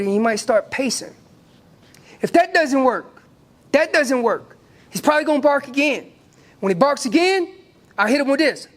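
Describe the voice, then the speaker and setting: A man with an American accent teaching an elk calling seminar, lively and acting out what the elk would say. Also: very high-pitched. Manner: animated, acts out elk calls and voices. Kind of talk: hunting seminar talk.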